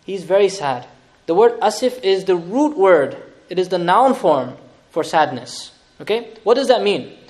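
His voice sits high and his pace is a little slow as the man, an Islamic teacher, delivers a lively lecture on scripture, dramatically retelling stories and adding laughing asides.

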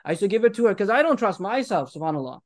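High-voiced impassioned young male preacher. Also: big pitch swings, racing, no echo. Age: 30s. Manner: impassioned, mixing in Arabic phrases and urging the listeners. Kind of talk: sermon.

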